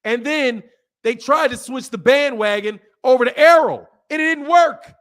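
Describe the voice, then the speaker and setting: A man hosting a boxing channel, talking in a casual, opinionated way, animated and laughing often as he answers his chat. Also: very high-pitched, unhurried.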